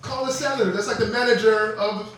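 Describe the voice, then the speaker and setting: A man's voice: high voice, fairly even intonation, brisk, heavy reverb, far from the mic, heavy background noise. A young man performing a stand-up comedy set, telling stories with quoted voices and laughing asides on a club stage.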